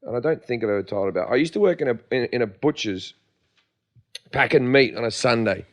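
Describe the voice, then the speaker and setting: An Australian man in casual podcast chat, telling profane, laughing stories at a quick clip. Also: medium pitch, lively intonation. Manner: fast, profane, laughing storyteller. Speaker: podcast co-host.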